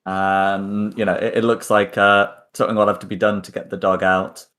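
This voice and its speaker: A man's voice: fairly low pitch, little pitch movement, normal speed, a bit bright. A man acting as game master, narrating hesitantly with many ums and repeated words. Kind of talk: running a tabletop game.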